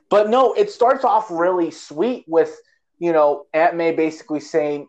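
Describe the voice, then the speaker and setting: A man's voice: on the high side, slow pace, muffled recording. Rambling, sarcastic male co-host. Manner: rambling, with frequent restarts and sarcastic asides. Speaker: podcast co-host, movie reviewer. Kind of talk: casual chat.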